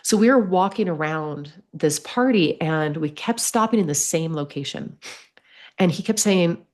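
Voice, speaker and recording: A woman telling a personal story as a podcast guest, lively, acting out the voices she quotes. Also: fairly low pitch, unhurried. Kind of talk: storytelling in conversation.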